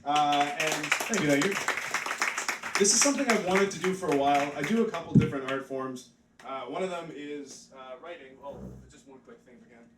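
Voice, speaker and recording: A man's voice: fairly high pitch, brisk, far from the mic, very noisy. A man doing live stand-up comedy in a pub, rambling and offhand, with many "like" fillers. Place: pub stage, live audience. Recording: echoey pub mic heard from afar.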